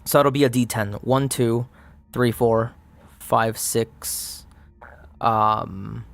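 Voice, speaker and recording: A man playing a solo tabletop game, muttering dice counts aloud and narrating the results in a relaxed, casual way. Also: medium pitch, extremely slow, vocal fry, no echo. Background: faint background music.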